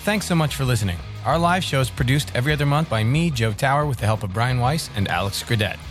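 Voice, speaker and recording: A man's voice: mid-range voice, animated. A man, the podcast's producer, casually reading the closing credits and sign-off. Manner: brisk, casual read of credits. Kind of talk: scripted podcast outro. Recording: voice over guitar music.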